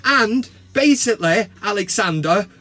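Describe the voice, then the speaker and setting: A middle-aged man from England with a Mancunian accent, ranting and joking to camera from his van, bursting into mock shouts. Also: high-pitched, lively intonation, a little slow. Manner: swears and mock-shouts in outbursts. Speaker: vlogger. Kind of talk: casual comedic rant to camera. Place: parked van cab.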